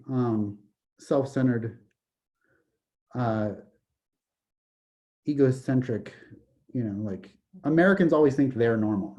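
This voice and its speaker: The audio is dull, but the man's warm, mid-range voice comes through as he teaches college statistics. A math professor by trade, he's jokey and digressive, repeating "okay" throughout his explanations.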